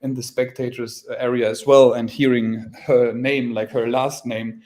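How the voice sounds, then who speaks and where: A young man from Germany, speaking English as a second language with a clear German accent. He talks casually as a podcast guest, laughing often and stopping to hunt for words, his voice sitting at an ordinary middle pitch. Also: little pitch movement, unhurried, darkish tone. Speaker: athlete guest.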